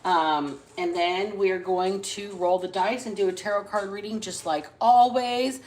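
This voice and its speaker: A woman's voice: medium pitch, fairly even intonation, measured pace, very noisy. A woman hosting a casual tarot-reading livestream, chatting bluntly and swearing freely. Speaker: tarot reader and livestream host.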